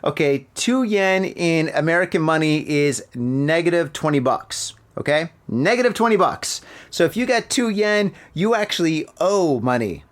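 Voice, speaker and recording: Man, podcast host, casual news commentary, profane, animated, fairly high voice. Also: moderate pace, few pauses. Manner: animated, profane, riffing jokes.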